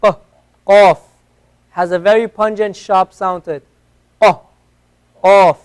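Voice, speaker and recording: Man, classroom teacher, crisp resonant voice, high pitch, repeats letter sounds patiently. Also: steady tone, moderate pace. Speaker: Arabic teacher. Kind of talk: classroom lesson. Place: classroom at an Islamic center.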